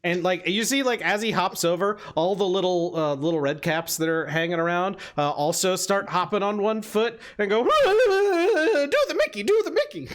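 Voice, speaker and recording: A woman narrating as dungeon master, with an animated manner. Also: on the low side, normal speed, hardly any pauses. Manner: animated, laughs easily. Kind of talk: narrating a tabletop game.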